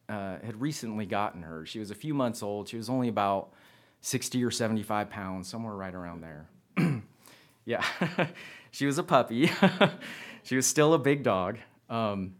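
A man delivering a sermon, telling a personal story in a conversational way and often repeating his phrases. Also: mid-range voice. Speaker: preacher.

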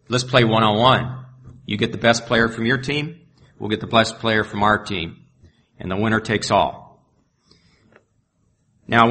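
Man preacher, bright voice, reads scripture and breaks off into casual asides. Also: on the low side. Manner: reads verses aloud and adds plain asides. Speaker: pastor. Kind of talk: sermon with scripture reading.

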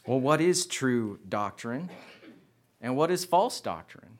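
A man's voice: mid-range voice, expressive, slow. A man delivering a sermon, telling a personal story in a conversational way and often repeating his phrases. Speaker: preacher.

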